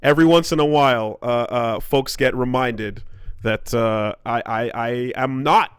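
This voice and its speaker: A man's voice: medium pitch, unhurried, smooth, no room sound, clean studio sound. A man from Quebec with a Quebec English accent, chatting as a podcast co-host, rambling with lots of fillers and restarts. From Quebec, Canada. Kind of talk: casual chat.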